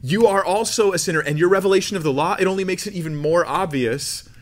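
A man's voice: high voice, fast talker, voice pushed up, lightly acted. A man putting on the voice of a stern preacher, scolding a listener with raised, emphatic delivery.

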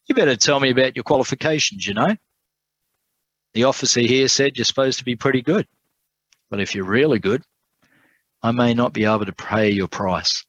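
A man voicing a proud, bitter male prisoner who talks stiffly and protests loudly in a told sermon story. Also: mid-range voice, fairly quick, long pauses, dry recording, lo-fi sound, pitched above the performer's own voice, lightly acted. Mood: bitter, guarded. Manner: stiff, protesting, rising to cries.

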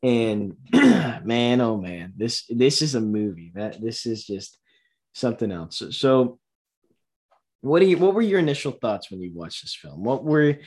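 A man's voice: medium pitch, very animated, measured pace, darkish tone. A man co-hosting a casual movie podcast, rambling with lots of fillers and restarts. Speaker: podcast co-host.

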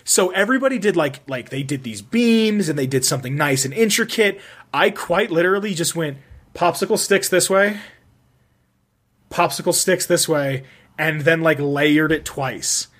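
A man's voice: a little high, animated, moderate pace, a bit bright. A young man telling a rambling school story in casual chat, self-mocking, swearing and laughing often.

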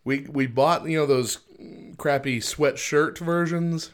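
A man's voice: a little high, slow pace. A man co-hosting a casual podcast chat, laughing often and reading passages aloud. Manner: chatty, laughs often, reads quotes aloud. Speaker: podcast co-host.

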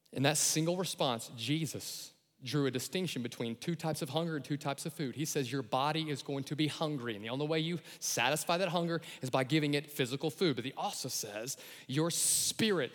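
A man preaching a lively sermon, acting out voices and shouting his key lines. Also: fairly high pitch. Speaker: pastor. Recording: long hall reverb.

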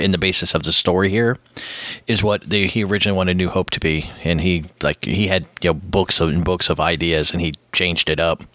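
A middle-aged man chatting casually as co-host of a movie commentary, quick and laughing, rambling through his points. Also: low voice, fairly bright tone, no room sound.

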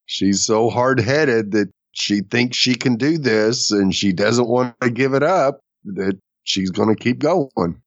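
A man's voice: medium pitch, slow pace, no room sound, dull audio. A man co-hosting a casual chat, laid-back and chiming in with short agreements. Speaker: podcast co-host.

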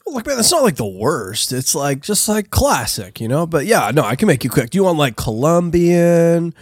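A man's voice: a little high, big pitch swings, normal speed, no room sound, clean studio sound. A man playing a tabletop game, rambling with lots of fillers. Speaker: player.

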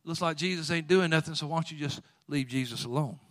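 Guy preaching a sermon, kinda high voice, gets loud and fired up then drops quiet. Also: fast talker. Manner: swings from quiet storytelling to loud, fervent exhortation.

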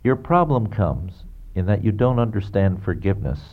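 A man's voice: on the low side, expressive, moderate pace. Earnest preacher man, lo-fi recording. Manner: earnest, direct address to the listener with rhetorical questions. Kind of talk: sermon-style biblical counsel. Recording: dull lo-fi recording.

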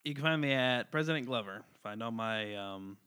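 A man co-hosts a casual podcast with short, dry, wry replies. His voice is bright and tense, sitting at a middle pitch for a man. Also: moderate pace, clear, resonant tone. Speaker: podcast co-host. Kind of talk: casual comics news chat.

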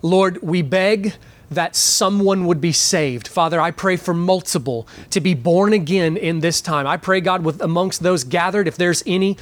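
A man preaching to a live congregation. He moves from a quiet, earnest prayer into lively storytelling, then drives his points home with emphatic, climbing questions. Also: high voice, normal speed. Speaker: pastor. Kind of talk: sermon. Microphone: live church microphone.

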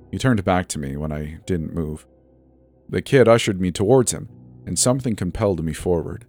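A man's voice: low voice, lively intonation, moderate pace, a little mellow. A man narrating a first-person horror story in a tense, storytelling delivery. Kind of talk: scripted narration. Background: faint background music.

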